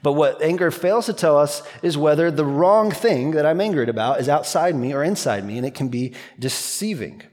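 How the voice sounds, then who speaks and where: A man preaching a sermon as pastor, talking in a conversational, animated way with quick asides. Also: a little high, long reverb tail.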